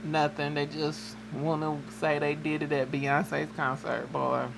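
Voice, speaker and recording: A middle-aged woman co-hosting a casual radio chat, telling stories with lively mock outrage. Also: deep voice, measured pace, gravelly, background noise. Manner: animated storyteller, mock-outraged. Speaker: radio co-host.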